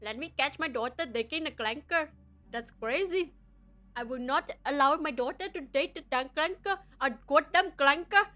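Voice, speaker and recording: A woman's voice: high voice, moderate pace, bright, forceful tone. A woman putting on an exaggerated, half-laughing mock accent as a blustering man. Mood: indignant.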